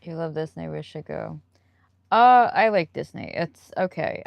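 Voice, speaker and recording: A woman's voice: fairly low pitch, creaky, no echo. A woman live streamer chatting casually and answering viewer comments, rambling and laughing often.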